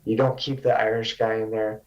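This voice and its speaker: A man co-hosting a podcast in casual chat, thinking out loud in a tentative, rambling way. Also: lowish voice, little pitch movement, fairly quick, lo-fi sound. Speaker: podcast co-host.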